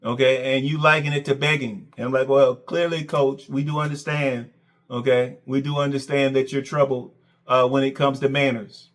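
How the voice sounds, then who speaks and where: A man's voice: mid-range voice, fairly even intonation, normal speed, a bit bright. A man hosting a reaction commentary, sarcastic and mocking, who keeps repeating "okay" and "Coach.". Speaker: commentary channel host.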